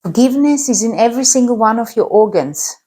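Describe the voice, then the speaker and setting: A woman teaching a qigong class, calmly guiding movements and breathing. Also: a little high, fast, breathy edge. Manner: calm, guiding instructions. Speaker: qigong instructor.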